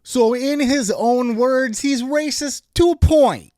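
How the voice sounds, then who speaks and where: A man's voice: very high voice, takes it slowly, darkish tone, soft background music. A man hosting a clip show, giving dry, sarcastic commentary between clips.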